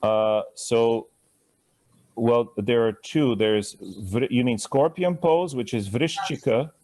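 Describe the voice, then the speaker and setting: A man's voice: mid-range voice, slow, a little mellow. Playful man teaching pronunciation to a class. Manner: conversational, drawing out words to model pronunciation; playful, chuckling asides. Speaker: Sanskrit teacher.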